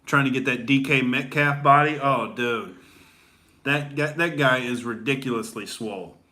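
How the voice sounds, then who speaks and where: A man's voice: medium pitch, normal speed, pushed and bright. A young adult man doing a comedy rant as a boastful gym bro, rambling with lots of "dude" and "all right?". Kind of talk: stand-up style comedy rant.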